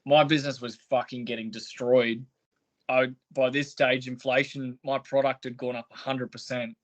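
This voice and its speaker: A man's voice: medium pitch, little pitch movement, moderate pace, highs cut off. A man, a podcast guest, telling his story in a blunt, aggrieved way with heavy swearing. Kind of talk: candid interview storytelling.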